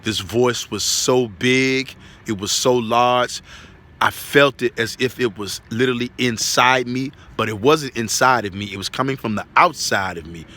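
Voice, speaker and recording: A man's voice: medium pitch, measured pace, pushed and bright. A man giving an earnest spoken religious testimony, repeating himself and checking in with tag questions.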